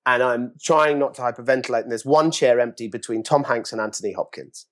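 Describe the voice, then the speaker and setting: A middle-aged man with an English accent, an actor telling anecdotes in a casual interview, acting out quoted voices with big jumps in pitch. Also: fairly quick, a bit bright.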